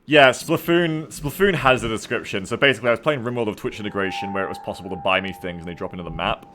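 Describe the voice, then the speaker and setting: A man streaming a strategy game live, excitable and rambling, swearing freely as he plays. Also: on the low side, fast, a little hiss or hum. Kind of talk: casual gaming livestream commentary.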